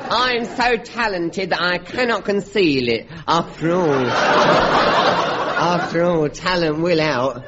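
A man's voice: on the high side, expressive, highs cut off, heavy background noise. A man voicing a pompous, self-admiring male film director. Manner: grandiose, slow and self-admiring.

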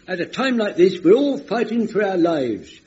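A man's voice: high voice, very animated, normal speed, a little mellow, husky, exaggerated voice. An actor playing a fussy, flustered, well-meaning old man in a radio sitcom, rambling as he talks. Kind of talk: 1940s-style radio sitcom acting. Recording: dull vintage radio recording.

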